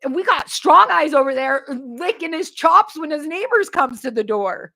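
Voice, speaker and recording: A woman, hosting a casual livestream and joking with her viewers in an animated way. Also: high-pitched, normal speed, vocal fry. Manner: animated, joking, addresses chat as y'all. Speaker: livestream host.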